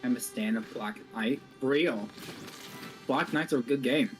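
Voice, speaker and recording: A man hosting a game stream in casual chat, animated, swearing constantly and laughing through his lines. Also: mid-range voice, measured pace, soft background music. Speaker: streamer and host.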